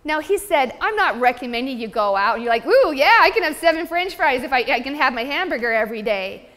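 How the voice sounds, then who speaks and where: A high-voiced woman lecturing at a seminar, upbeat and chatty with the audience. Her voice rings with a long reverb through the hall. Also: lively intonation, quick pace, pushed and bright. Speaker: nutrition seminar presenter. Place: seminar room.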